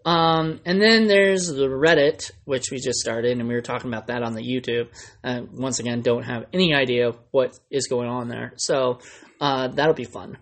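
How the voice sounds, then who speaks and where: A man's voice: mid-range voice, fairly even intonation, moderate pace, a bit bright. A man hosting a podcast, chatting casually and telling a story in a rambling way with lots of fillers. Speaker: podcast host. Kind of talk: casual chat.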